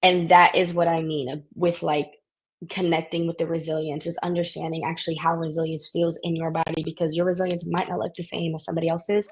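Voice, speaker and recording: A woman talking as a podcast guest in animated, casual conversation, often restarting her sentences. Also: low voice, a little fast, slight background noise.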